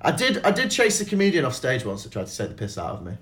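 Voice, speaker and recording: A man with a fairly high, very lively voice tells stories in a loose, casual chat. He swears freely and jumps into other people's voices as he goes. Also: quick pace. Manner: animated storyteller, swears freely, acts out voices.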